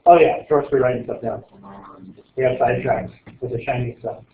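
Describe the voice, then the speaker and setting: A man's voice: medium pitch, fairly even intonation, a little fast, slight background noise. A male teacher running a casual exam review, joking and quizzing his students as he rambles. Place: classroom. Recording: echoey classroom on tinny lo-fi audio.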